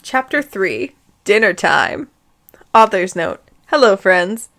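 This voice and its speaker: A woman's voice: medium pitch, big pitch swings, slow pace, fairly bright tone. Amused woman reading fan fiction aloud. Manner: amused, sarcastic asides. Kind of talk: comedic dramatic reading with asides.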